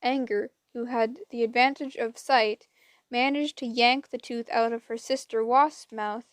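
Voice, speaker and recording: Woman, audiobook narration, dramatic and lively, fairly high voice, dry close sound. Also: a little slow, dry recording. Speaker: audiobook reader.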